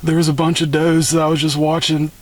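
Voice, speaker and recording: A young man telling a story on a phone call, excited and rambling with lots of fillers. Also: on the high side, brisk. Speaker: bowhunting vlogger.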